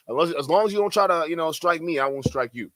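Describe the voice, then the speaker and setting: A man's voice: fairly high pitch, animated, fast, fairly bright tone, no echo. A man reacting to a clip with mocking, laughing, profane commentary. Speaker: commentary streamer.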